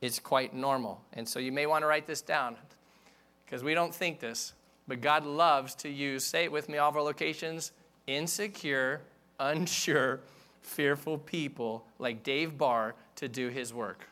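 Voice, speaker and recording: A middle-aged male pastor preaching in a candid, self-deprecating, conversational manner. His voice sits a little higher than most men's and sounds bright and forceful. He speaks directly to the congregation as if chatting with them. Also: measured pace. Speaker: senior pastor. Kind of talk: sermon.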